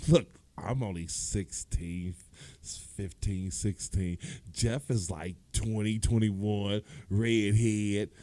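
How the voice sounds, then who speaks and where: A man with a Detroit accent telling a loud, animated stand-up story, acting out the people in it and laughing often. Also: lowish voice, very slow, dry recording. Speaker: stand-up comedian.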